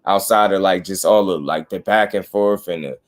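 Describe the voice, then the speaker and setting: A man's voice: sits low, moderate pace. A man hosting a boxing channel live stream, chatting casually with slangy, laid-back talk and greeting viewers.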